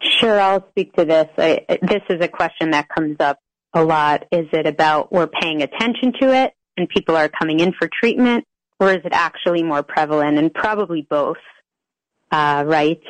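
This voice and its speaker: A woman's voice: deep voice, moderate pace, no room sound, poor audio. A woman speaking as a therapist guest on a radio interview, thoughtful and searching for words as she explains. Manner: thoughtful, with fillers and restarts. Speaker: psychiatric nurse practitioner and psychotherapist.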